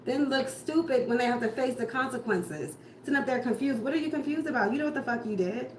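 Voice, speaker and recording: This tarot reader talks fast in a high voice, ranting casually and profanely about what the cards reveal. She bluntly peppers her reading with rhetorical questions, recorded in an echoey room with a little background noise.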